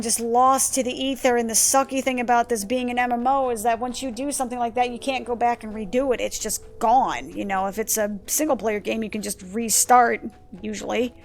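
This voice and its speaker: A woman streamer giving casual let's-play commentary, rambling, excitable and profane as she goes. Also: on the high side, creaky. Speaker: gaming streamer.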